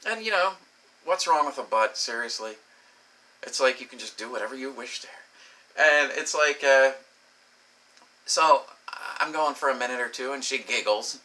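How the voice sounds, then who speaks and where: A man's voice: medium pitch, lively intonation, normal speed, long pauses, sharp tone, low-quality recording. A man telling a crude personal story as a rambling, profane vlog monologue, laughing often and saying "you know" a lot. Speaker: vlogger.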